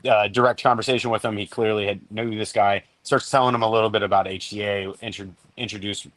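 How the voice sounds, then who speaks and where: Man, low voice, dry close sound, rambling and self-deprecating, casual storytelling. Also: fairly even intonation, fast talker, fairly bright tone, dry recording. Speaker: podcast guest, cigar brand co-owner.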